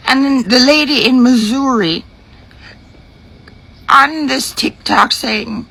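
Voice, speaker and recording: Slow, husky scornful woman. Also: sits high, sharp tone, low-quality recording. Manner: scornful, deliberate, lecturing. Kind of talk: social media reaction rant.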